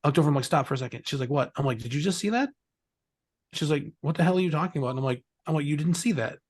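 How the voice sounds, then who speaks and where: Racing along in a voice on the high side, a middle-aged man rambles through casual stories as an interview guest. Swearing comes easily to him, and so does laughter.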